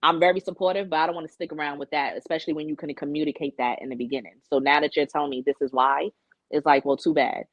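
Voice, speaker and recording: A woman's voice: sits low, fairly even intonation, fast, no echo. A young woman, co-hosting a podcast and telling her dating stories candidly, swearing freely. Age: young adult. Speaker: podcast co-host. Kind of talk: casual chat. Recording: dull lo-fi sound.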